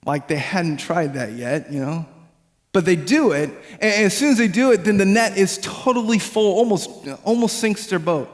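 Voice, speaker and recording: A man preaching in an easygoing, conversational way, stumbling over repeated words before building to an emphatic point. His voice sits fairly high. The sound carries a long church-hall reverb. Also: normal speed. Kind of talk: sermon storytelling.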